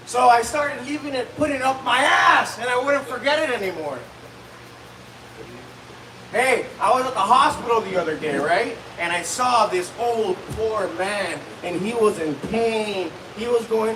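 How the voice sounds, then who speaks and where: A man doing a stand-up set, shouting crude dark one-liners at a comedy club open mic. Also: very high-pitched, a little slow, slight background noise. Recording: echoey club, recorded from far off.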